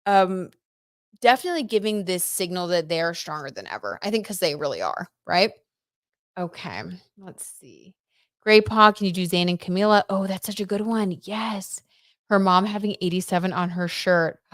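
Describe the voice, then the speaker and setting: A young woman casually chatting on a livestream, reading out viewer comments and reacting excitedly while doing tarot. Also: on the low side, moderate pace, dry recording, studio quality.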